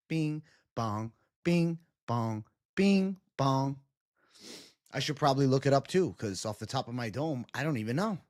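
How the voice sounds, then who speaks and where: Animated man hosting a livestream. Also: medium pitch, dry recording, clean studio sound. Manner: animated and profane. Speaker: livestream host. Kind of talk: casual livestream chat with viewers.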